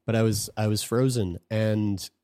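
Low-voiced man telling a frank story. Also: fairly even intonation, unhurried, warm tone, smooth, dry recording, clean studio sound. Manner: frank and profane, with frequent restarts. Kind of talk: casual conversational storytelling.

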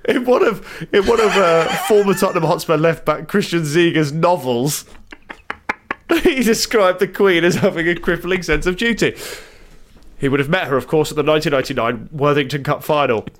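Animated, mock-serious man. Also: fairly high pitch, moderate pace, a little hiss or hum. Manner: dry, mock-serious, reads out facts then riffs. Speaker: comedy podcast co-host. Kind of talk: casual comedic banter.

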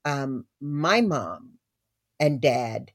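An older woman from the American South, a guest telling family stories in an expressive, laughing way. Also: extremely low pitch, very slow. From Southern United States. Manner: expressive, laughing storyteller, warm asides. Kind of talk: storytelling interview talk.

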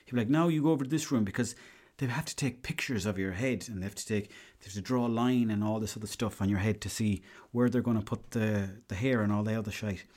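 A man's voice: lowish voice, a little mellow. Profane, rambling Irish man. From Ireland. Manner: rambling and profane, with quick quoted asides. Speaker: podcast host. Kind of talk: casual storytelling monologue.

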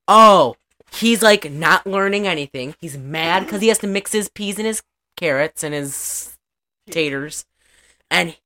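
A woman's voice: deep voice, pushed and bright. A woman in a casual chat, recapping a movie in a chatty, profane way and laughing often.

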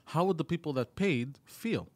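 A man's voice: on the high side, expressive, normal speed, darkish tone, dry recording. A man co-hosting a casual livestream chat, telling stories in a laid-back, earnest way. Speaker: co-host.

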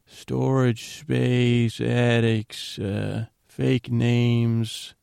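Male podcast host, gravelly and mellow, meandering recap, dry close sound. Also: mid-range voice, level tone, very slow, dry recording. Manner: meandering, restarts, quotes characters offhandedly. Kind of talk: rambling casual recap.

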